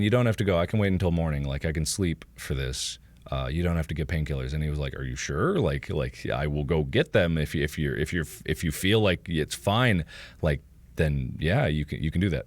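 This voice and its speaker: A man's voice: a little fast, no echo. A man in his twenties, chatting on a livestream and telling rambling stories while reading chat. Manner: rambling storytelling, reads chat, lively swings in pitch. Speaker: streamer.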